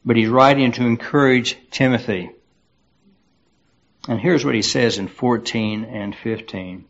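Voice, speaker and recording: A man preaching a sermon as pastor, unhurried and halting, with many fillers and restarts. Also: mid-range voice, lo-fi sound.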